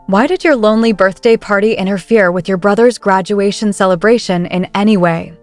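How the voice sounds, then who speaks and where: A woman's voice: mid-range voice, brisk, no room sound, faint music behind, lightly acted. A woman reading as a blunt young duke. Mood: matter-of-fact.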